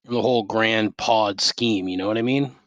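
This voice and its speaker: A man's voice: lowish voice, fairly even intonation, normal speed, no room sound. Swearing over-caffeinated man ranting. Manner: ranting, sarcastic, heavy swearing. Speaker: podcast host. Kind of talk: profane solo rant. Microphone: gaming headset.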